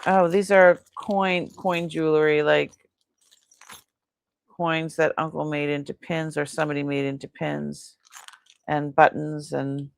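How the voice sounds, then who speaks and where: A woman's voice: sits low, level tone, measured pace, gravelly, clear, resonant tone. A tired woman hosting a casual live-stream unboxing, chatting and rambling about her items and laughing often. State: tired, yawning. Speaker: host selling antiques in a live sale.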